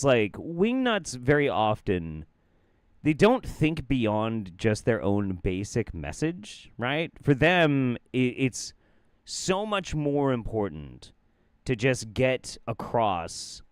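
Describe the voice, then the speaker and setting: A man's voice: mid-range voice, no room sound, clean studio sound. A man giving sarcastic, exasperated reaction commentary on a clip, swearing freely. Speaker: commentary streamer. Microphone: studio mic.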